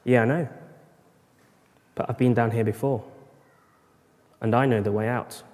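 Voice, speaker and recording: A man voicing a calm, kindly king who speaks plainly and reassuringly. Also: mid-range voice, unhurried, natural voice. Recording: long reverb of a large church hall.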